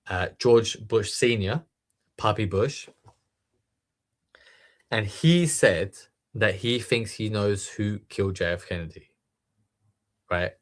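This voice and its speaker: Guy with a lowish voice ranting in casual chat, blunt and sweary. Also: fairly bright tone. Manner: emphatic, profane, checks in with "right?" and "okay?".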